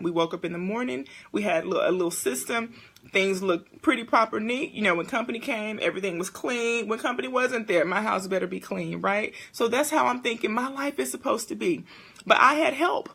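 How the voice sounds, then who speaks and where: A young woman hosting a casual live-stream talk, animated and speaking straight to her viewers. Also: mid-range voice, brisk, gravelly, breathy edge. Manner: animated, talks to viewers as "y'all" and "honey". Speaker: host.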